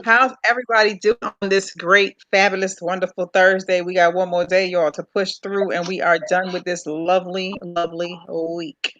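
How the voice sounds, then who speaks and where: A woman's voice: fairly low pitch, little pitch movement, moderate pace, hardly any pauses, fairly bright tone, no room sound. A woman hosting a live stream talk show, chatting casually and stressing her points by repeating words. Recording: slightly dull lo-fi stream audio.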